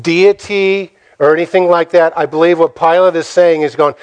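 A pastor preaching with a dramatic, storytelling delivery. He asks his listeners rhetorical questions and acts out the lines he quotes, in a man's voice that sits a little high. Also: fairly even intonation, moderate pace, few pauses, a little mellow, smooth. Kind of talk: sermon.

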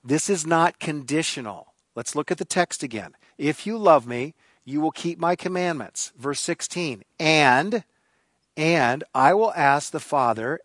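A man's voice: fairly high pitch, no room sound. A man preaching a sermon, emphatic and repeating key phrases for stress. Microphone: recorded for online viewers.

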